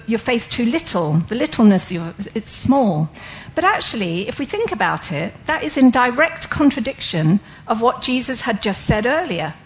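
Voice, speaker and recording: A woman's voice: on the high side, rough recording. A woman giving an interactive sermon, asking listeners questions and explaining ideas step by step. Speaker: Bible teacher.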